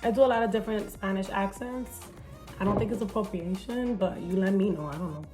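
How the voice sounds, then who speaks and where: A woman's voice: medium pitch, brisk, dark tone. Woman comedian, playful makeup-tutorial talker who swears freely and code-switches into Spanish, light music under. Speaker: comedian and TV host. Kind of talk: casual makeup tutorial chat.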